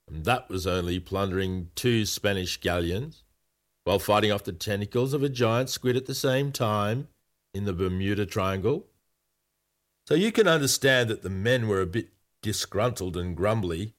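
A man's voice: lowish voice, moderate pace. A man reading a children's story aloud in a playful, whimsical way.

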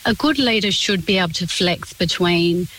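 Measured woman explaining clearly. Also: on the low side, expressive, a bit bright, poor audio. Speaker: communications specialist guest. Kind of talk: radio interview answers.

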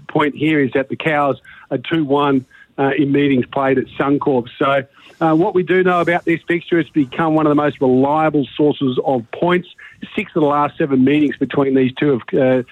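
A man's voice: fairly high pitch, no room sound. A man, out of breath, chatting on a phone line as a betting guest, rambling with fillers. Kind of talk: phoned-in radio chat.

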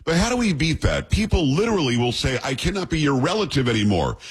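A man's voice: fairly high pitch, very animated, fast, slightly rough. A middle-aged man hosting a casual interview, asking emphatic questions. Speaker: host.

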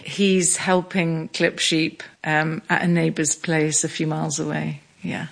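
Slow, measured middle-aged woman. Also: low-pitched, flat delivery, creaky. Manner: slow, measured storytelling with small restarts. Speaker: interviewee. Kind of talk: reflective interview.

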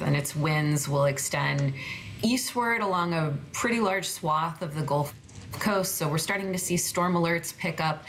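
Female weather reporter, low voice, halting delivery, faint hiss behind her. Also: a bit bright. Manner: hesitant, lots of fillers and restarts. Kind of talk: interview answers.

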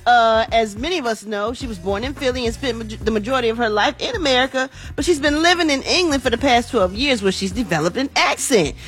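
A woman's voice: a little high, animated, fast talker, few pauses, a bit bright. A woman hosting an entertainment news segment on a morning radio show, talking in a chatty, folksy way. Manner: chatty, folksy, says y'all and honey.

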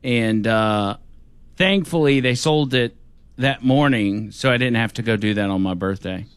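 A man in his forties hosting a radio show in a relaxed, easygoing way. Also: mid-range voice, a little slow, smooth, no echo. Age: 40s. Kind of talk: casual radio chat.

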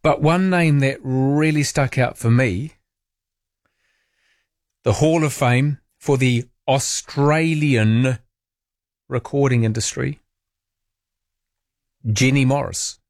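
A man's voice: medium pitch, slow pace, pauses often, no room sound, clean studio sound. A man with a New Zealand accent hosting overnight talk radio, chatty and wry, asking listeners questions. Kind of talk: casual radio chat. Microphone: studio microphone.

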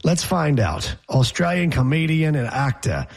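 A man co-hosting a radio show, telling stories in quick, joking banter with playful asides. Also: fairly high pitch, big pitch swings, creaky, breathy edge. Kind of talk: casual banter.

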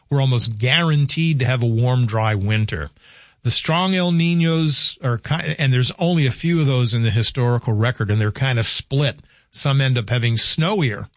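A man's voice: medium pitch, dry recording, clean studio sound. An older man hosting a call-in radio show, talking casually and rambling as he thinks aloud.

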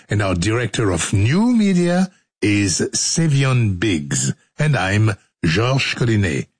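A man's voice: fairly low pitch, darkish tone, husky, no echo. A man hosting a radio show in a studio, joking and laughing through outtakes and stories, sometimes slipping into a sing-song voice. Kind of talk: playful studio banter and storytelling.

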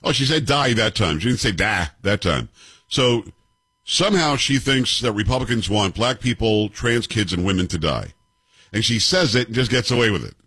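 Husky guy in his 50s ranting over clips, sarcastic, voice jumps all over, dry close sound. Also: fairly low pitch, lively intonation, moderate pace, fairly bright tone, dry recording. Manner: combative, sarcastic, rhetorical questions. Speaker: commentary show host. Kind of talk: opinionated commentary on clips.

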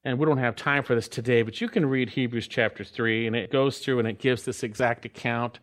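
A man preaching a sermon as a pastor, earnest, slowing down to read scripture and rising for emphasis. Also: mid-range voice, steady tone, a bit bright.

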